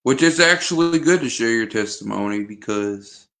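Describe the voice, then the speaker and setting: A man's voice: mid-range voice, animated, normal speed, pushed and bright. A man vlogging in a casual chat to camera, rambling and hesitant with frequent restarts.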